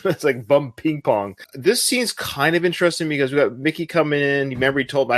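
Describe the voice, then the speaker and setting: A man's voice: a little high, expressive, brisk, few pauses, a bit bright, no room sound. Male podcast host, casual and upbeat, laughs a lot, dry close sound.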